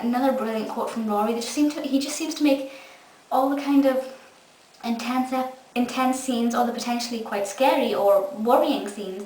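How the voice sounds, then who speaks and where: A woman's voice: a little high, a little mellow. Gushing Scottish young woman, echoey room. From Scotland. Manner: enthusiastic, gushing. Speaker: fan reviewer. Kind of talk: casual episode review. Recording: echoey room, mic far off, faint hiss.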